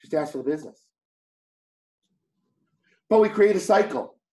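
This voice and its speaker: A man's voice: fairly high pitch, lively intonation, normal speed, dark tone. Man, thick Boston accent, blunt and jokey, classroom training, echoey room. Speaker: real estate trainer.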